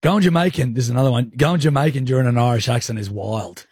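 A man bantering as a radio co-host, teasing and laughing through the chat. His voice is slightly husky, recorded close and dry in a studio. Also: mid-range voice, fast, a little mellow, no room sound. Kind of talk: casual banter.

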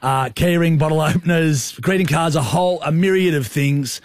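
A man's voice: on the high side, normal speed, no room sound, studio quality. A young man with an Australian accent, hosting a radio show with teasing, joking banter. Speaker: radio host. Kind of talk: casual on-air banter.

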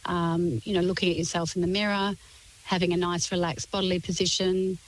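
Female expert guest, composed and articulate, slightly low voice. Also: level tone, a little fast, low-quality recording. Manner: composed, articulate explaining in lists. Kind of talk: radio interview.

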